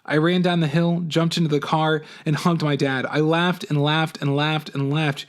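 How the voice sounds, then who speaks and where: A man, a teacher, reading a novel aloud for his class, with an expressive, animated first-person delivery. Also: fairly high pitch, moderate pace.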